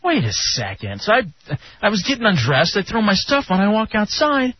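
A high, husky male voice that leaps all over the place as he tells a story on a radio show, sliding up sharply whenever he gets indignant. It sounds dull and lo-fi, like an off-air broadcast recording. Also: moderate pace. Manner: animated, jumps to high pitch when indignant. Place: radio studio.

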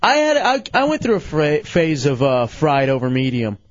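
A man hosting a casual late-night radio show, animated and full of incredulous questions, his voice going hoarse. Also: fairly high pitch, normal speed, no room sound, dull audio.

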